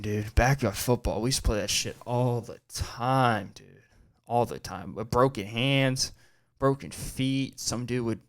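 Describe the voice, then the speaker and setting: A man in his twenties rambles through childhood memories as a podcast host, at an ordinary middle pitch. His talk is casual and laid-back, full of swearing. He leans on man and dude as he goes. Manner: rambling, profane storytelling. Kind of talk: casual chat.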